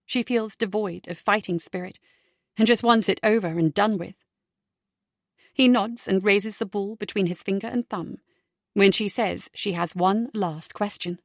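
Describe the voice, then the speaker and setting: A woman narrating a mystery audiobook, measured and steady in her storytelling. Her voice has a gravelly edge. The sound is dry and close to the mic. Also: medium pitch, no echo. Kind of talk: scripted narration.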